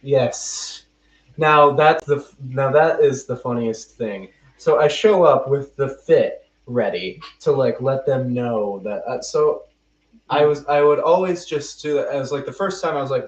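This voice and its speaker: A young American podcast host tells a rambling, self-mocking story while chatting casually with friends, often restarting mid-sentence. His voice sits in the mid range at a measured pace. The mic sounds distant and muffled in a roomy space.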